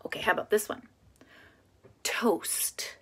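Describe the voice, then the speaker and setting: A woman teaching a phonics lesson to young children, encouraging them and sounding out words slowly and clearly. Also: medium pitch, lively intonation, fairly bright tone.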